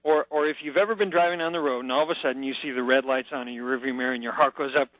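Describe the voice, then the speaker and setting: On a phone-in radio interview, a male guest races along in a mid-range, slightly bright voice with fairly even intonation. He explains things energetically, acting out short scenes for emphasis. The audio is dry and poor in quality.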